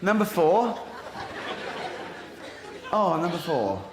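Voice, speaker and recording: A man's voice: high voice, very animated, takes it slowly, crowd noise. A middle-aged man doing a stand-up routine on a theatre stage, mocking and swearing in disbelief. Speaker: stand-up comedian. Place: stage in a theatre with audience laughter. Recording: echoey live theatre with audience noise.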